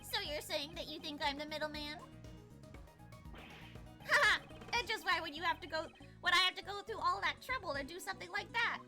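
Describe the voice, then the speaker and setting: A woman's voice: extremely high pitch, a little fast, over music, voice pushed up. A woman voicing a sneering, scheming male circus ringmaster while reading game dialogue aloud, in a mocking, snide way.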